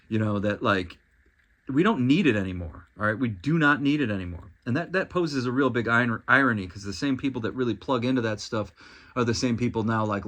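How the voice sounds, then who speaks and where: A man's voice: medium pitch, fairly bright tone. Exasperated man ranting on a podcast. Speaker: podcast host. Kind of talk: solo commentary monologue.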